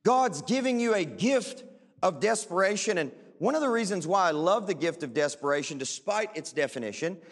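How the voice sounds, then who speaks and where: A man pastor preaching a sermon in a church, animated, rising into impassioned pleading. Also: high-pitched, normal speed, long reverb tail. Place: large church hall.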